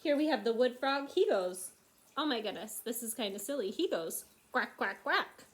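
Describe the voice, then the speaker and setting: Woman teacher reading a storybook to children, expressive. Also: fairly high pitch, moderate pace. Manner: expressive, questioning, speaks straight to the children. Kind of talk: reading a picture book aloud to young children.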